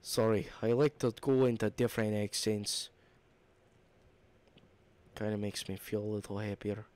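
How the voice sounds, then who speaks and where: A man's voice: fairly low pitch, fairly even intonation, a little slow, a little mellow. A man giving casual, self-deprecating commentary while playing a horror game. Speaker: gamer.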